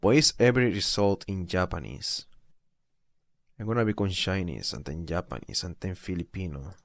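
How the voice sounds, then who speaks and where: Casting: young guy streamer, low-pitched, incredulous, rambling and laughing, dry sound. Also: normal speed, dry recording. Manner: chatty, incredulous, laughs often. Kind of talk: casual rambling chat while reading posts aloud.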